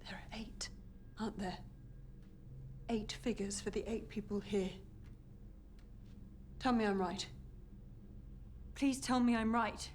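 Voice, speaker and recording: An actress playing an anxious young governess who speaks in a nervous, pleading way. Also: female voice, mid-range voice, little pitch movement, measured pace, warm tone, a little hiss or hum, close to an everyday voice.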